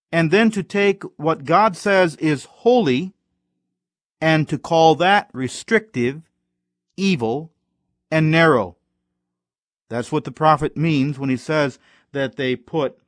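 A man preaching a sermon in a slow, unhurried cadence. He is deliberate and emphatic and leans on single words for stress. The sound is dry and close, with little room around it. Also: fairly high pitch, no echo.

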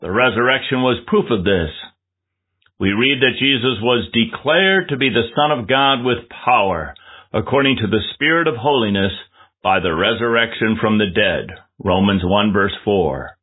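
A man preaching a measured, earnest sermon with scripture reading. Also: on the low side, lively intonation, slightly rough. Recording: tinny phone-like lo-fi audio.

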